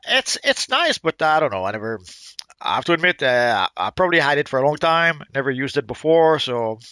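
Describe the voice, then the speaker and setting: A man's voice: on the high side, big pitch swings, a little fast, sharp tone, no room sound. Hesitant man with a Quebec French accent. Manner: hesitant, lots of uh and restarts, dry teasing. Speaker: stream host. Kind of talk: casual live-stream chat.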